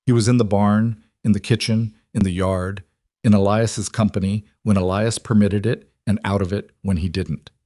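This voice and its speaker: A man narrating a scripted story in a calm, even tone. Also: lowish voice, no room sound, studio quality.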